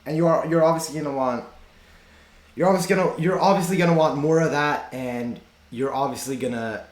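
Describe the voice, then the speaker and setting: A man's voice: a little high, a little fast, reverberant. A man commenting as a reaction streamer in casual chat, rambling with many fillers. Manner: rambling, filler-heavy, animated.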